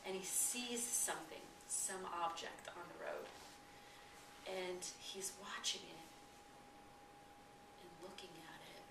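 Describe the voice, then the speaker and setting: A woman spiritual teacher tells a parable in a low voice, pausing to ask her listeners questions and sometimes sinking to a near-whisper. She sits far from the mic in a reverberant room. Noise runs steadily behind her. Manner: gentle, questioning, at times hushed. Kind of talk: storytelling lesson. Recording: echoey room, distant mic, noisy.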